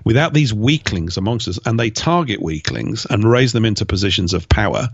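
Gravelly low man, emphatic. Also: animated, fairly quick, no echo, dull audio. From Britain. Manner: emphatic, mocking asides. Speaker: interview guest. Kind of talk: opinionated conversational interview.

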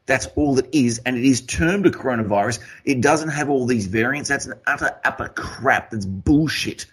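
An Australian man hosts a casual talk show, ranting hard and swearing freely. His voice is husky and sits at an ordinary middle pitch. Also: moderate pace. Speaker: podcast host.

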